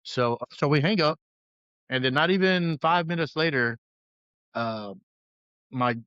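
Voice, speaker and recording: A man's voice: fairly high pitch, a little slow, fairly bright tone, smooth, no room sound, highs cut off. A man as a podcast guest, earnestly telling a personal story in a rambling way full of restarts.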